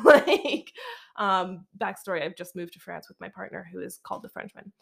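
A woman's voice: fairly low pitch, lively intonation, normal speed, gravelly, husky. A young Canadian woman hosting her own podcast, talking casually on her own and laughing often, with lots of "like" in her speech. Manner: chatty, laughs often, says "like" a lot. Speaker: podcast host. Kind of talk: casual solo podcast monologue.

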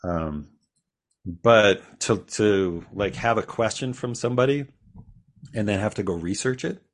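A man's voice: fairly low pitch, unhurried. A man guest on a podcast, telling his own story in a rambling, casual way with frequent restarts and small laughs.

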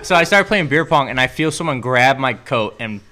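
A man's voice: mid-range voice, animated, brisk, pushed and bright. A young man co-hosting a podcast, telling a long, rambling party story full of swearing and laughing as he goes. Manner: rambling, profane, laughs through stories. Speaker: podcast co-host. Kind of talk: casual chat, storytelling.

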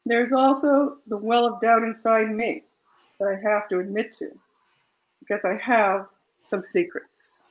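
A woman author reading her own romance fiction aloud in a soft, measured way, then chatting about the story. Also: fairly high pitch, fairly even intonation, low-quality recording.

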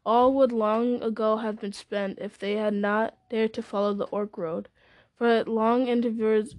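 A woman narrating a fantasy novel aloud in a steady, measured storytelling manner. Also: mid-range voice, no room sound. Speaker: audiobook narrator.

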